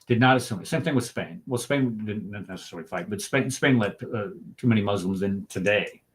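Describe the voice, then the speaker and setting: A man in a discussion group, speaking emphatically and stacking rhetorical questions, slowing down to stress his points. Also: fairly low pitch. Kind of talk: impassioned discussion talk.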